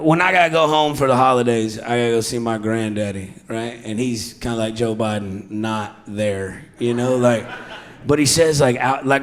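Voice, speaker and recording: Performing improvised stand-up for a live comedy club crowd, a medium-pitched man gets crude and rowdy. He laughs his way through the jokes, holding the mic in his hand.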